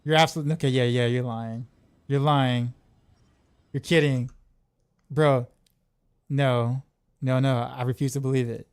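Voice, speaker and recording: A man streaming a game, chatting casually with viewers in an excitable, rambling way, often tripping over his words and restarting sentences. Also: mid-range voice, unhurried, long pauses, clean tone, dry recording. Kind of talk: casual livestream chat.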